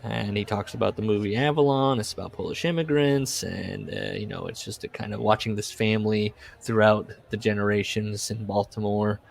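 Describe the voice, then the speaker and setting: A man's voice: lowish voice, moderate pace, vocal fry, few pauses. A man co-hosting a casual comedy podcast, reading book passages aloud with mock solemnity and laughing often.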